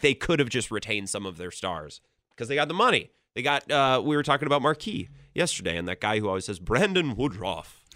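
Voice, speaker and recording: A man's voice: fairly low pitch, dry recording. A young adult man hosting a sports talk radio show, casual and opinionated, speaking into a studio microphone. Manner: opinionated, animated and conversational.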